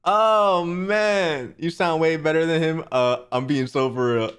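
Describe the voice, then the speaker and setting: A man's voice: on the high side, expressive, measured pace, clean tone. A young man streaming casually, joking and swearing as he stumbles over new phrases. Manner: joking, profane, self-mocking. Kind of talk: casual livestream chat.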